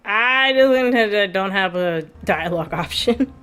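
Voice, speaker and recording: A woman's voice: medium pitch, expressive, slow pace, fairly bright tone, smooth. A woman streamer rambling casually while playing a video game, laughing often as she talks. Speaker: let's play streamer. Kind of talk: casual gameplay commentary.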